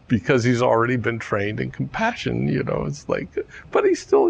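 A man's voice: medium pitch, big pitch swings, normal speed, creaky. A man telling a teaching story in a casual, digressive way with chuckling asides. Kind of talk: storytelling dharma talk.

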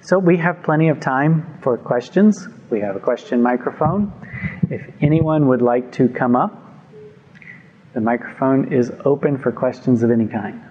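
A man giving a calm, measured talk on meditation to a group, speaking into a microphone. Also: mid-range voice, slightly rough, dull audio. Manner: calm, measured, gently reflective. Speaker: meditation teacher. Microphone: microphone before a group.

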